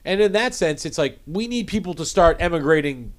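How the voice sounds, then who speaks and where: Animated New man, higher voice. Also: a little fast. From New England. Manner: animated storyteller, rambling restarts. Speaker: podcast co-host. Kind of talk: casual chat.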